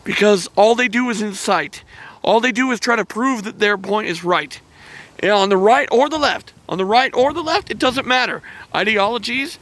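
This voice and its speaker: A man hosting his own channel, delivering a heated, emotional monologue to camera, swearing often and pausing to sigh. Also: high-pitched, pushed and bright. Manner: angry, profane ranting with sighs and restarts. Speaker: channel host.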